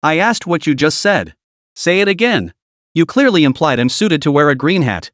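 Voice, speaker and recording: A jealous chief-executive wife who snaps and accuses with cold fury, as a man acts her out. The delivery swings widely in pitch and sits a bit high. It is a comic recap read close to the mic in a dry space. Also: very animated, normal speed, a bit bright, no room sound. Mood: angry, cold. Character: jealous furious woman, a company chief.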